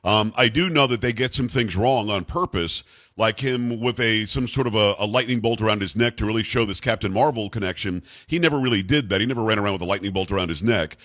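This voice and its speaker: A man's voice: lowish voice, quick pace, a bit bright, no room sound. A man hosting an interview, eager and chatty, who often restarts his sentences. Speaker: host. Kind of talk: casual interview.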